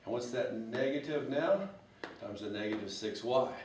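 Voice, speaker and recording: A man's voice: mid-range voice, normal speed, darkish tone, recorded from a distance. A man teaching an algebra lesson, explaining step by step with joking, folksy asides. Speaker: math teacher. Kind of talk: recorded math lesson. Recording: echoey room, voice from off-mic, faint hiss.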